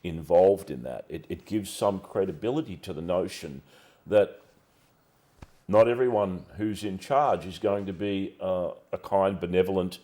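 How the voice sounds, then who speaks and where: A man with a very low voice hosts an interview. He speaks in careful, well-chosen phrases, laying out his points deliberately. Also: mellow. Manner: measured, deliberate, articulate. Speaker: interviewer, show host. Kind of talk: interview questions and commentary.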